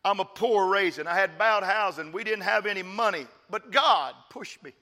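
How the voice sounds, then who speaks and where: A man from West Texas preaches from a church stage and calls on the congregation to repeat after him. His voice is high and sharp-edged. Long reverb from a large hall trails behind each phrase. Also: moderate pace. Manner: preaching with call-and-response, emphatic. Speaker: pastor. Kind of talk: sermon.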